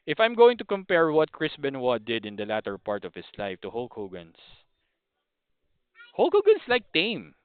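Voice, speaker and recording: A podcast host with a Filipino accent talks through his opinions at a medium pitch, rambling, restarting and apologizing as he goes. His voice is smooth and clear but dry, with no room sound. It comes through a narrow, phone-like band. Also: big pitch swings, fairly quick, hardly any pauses, no room sound. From Philippines. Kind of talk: casual opinion monologue. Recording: thin phone-like audio.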